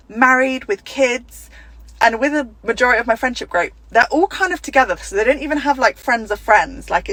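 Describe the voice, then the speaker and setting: A woman in her thirties vents to camera in a blunt, exasperated vlog. She swears freely. Her voice sits a little high. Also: fairly bright tone, no echo, poor audio. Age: 30s.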